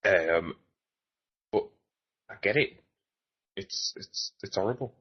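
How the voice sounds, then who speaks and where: A low-voiced English man, a medium, talks in a rambling, reflective way with plenty of fillers. His tone is husky, and the recording sounds dull and lo-fi. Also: expressive, takes it slowly. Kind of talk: reflective conversation at a live talk.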